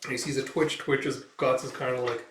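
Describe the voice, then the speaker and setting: A man's voice: mid-range voice, steady tone, a little fast, fairly bright tone, a little hiss or hum. A man casually narrating a comic read-through in a loose, rambling way. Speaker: manga reader and commentator. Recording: echoey room, distant mic.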